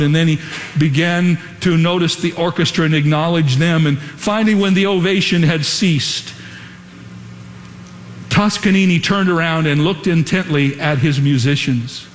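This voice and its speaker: A man's voice: a little high, slight background noise. Preaching man in a reverberant church. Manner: earnest preaching with dramatic pauses and quoted whispers. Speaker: pastor. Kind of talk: sermon. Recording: long hall reverb, faint ambience.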